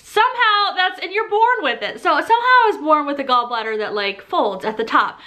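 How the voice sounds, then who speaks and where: A woman's voice: high voice, animated, brisk, bright, forceful tone. A pregnant young woman giving a casual, rambling vlog update, laughing often as she talks. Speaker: vlogger.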